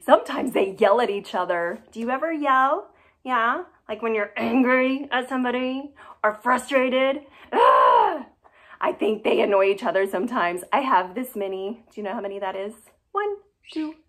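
A woman preschool teacher at home, talking to young children in an animated, questioning way. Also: fairly high pitch, normal speed. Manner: animated and questioning, exaggerated for kids. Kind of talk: addressing young children in a video. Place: her home, indoors.

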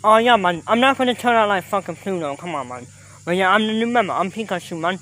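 A man voicing a loud, rowdy young male electric mouse toy in an improvised toy skit, crude and shouty, tacking "man" onto everything. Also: high voice, animated, quick pace. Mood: boastful.

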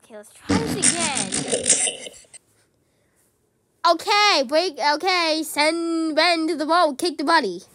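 High, bright-voiced playful mom. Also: female voice, expressive, takes it slowly, long pauses. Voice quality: giggly, talks back to the app in a teasing tone. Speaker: mom playing a talking-pet app on camera. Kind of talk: playful casual chat.

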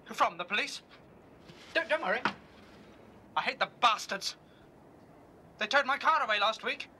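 An actor playing a bitter, stammering writer who rants about the police. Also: male voice, very high-pitched, expressive, a little slow, sharp tone, a little hiss or hum, full character voice. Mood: awkward. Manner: stammering, ranting. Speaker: aspiring writer.

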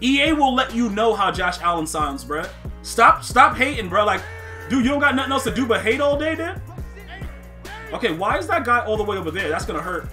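Hyped-up streamer guy, high sharp voice, slangy play-by-play, cracking up at the game and chatting with viewers. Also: fairly quick, faint music behind. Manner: excitable, slangy, laughs a lot, talks to chat. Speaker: gaming streamer. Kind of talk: casual live gameplay commentary.

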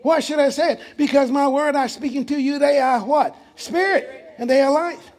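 A man's voice: very high-pitched, normal speed, a little mellow. A man, preaching as pastor in a church, emphatic and full of rhetorical questions. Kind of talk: sermon.

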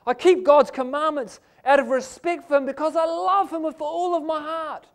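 A man's voice: very high voice, steady tone, normal speed, hardly any pauses. A man with a New Zealand accent preaching a sermon in a church, emphatic and asking the congregation "amen?".

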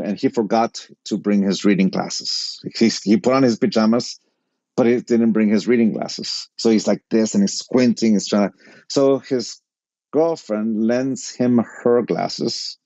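A middle-aged man tells a personal story with a mellow, dark-toned voice and acts out each line of dialogue. The sound is close and dry, a little dull and lo-fi. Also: mid-range voice, unhurried, no room sound. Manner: animated anecdote-telling, quotes people in dialogue. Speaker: podcast guest.

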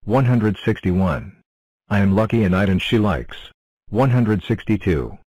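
Number block for a cartoon, male voice, low and dry, stiff self-introductions. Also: a little slow, dry recording, dull audio. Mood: plain. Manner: announces itself in short flat sentences. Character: cheerful talking number block.

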